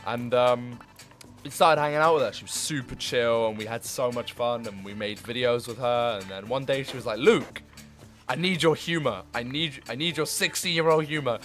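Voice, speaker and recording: Twenties guy streaming games, mid pitch, rambly and sweary, laughs a lot, bit of music in the back. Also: moderate pace, a bit bright. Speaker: gaming streamer. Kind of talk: casual stream chat.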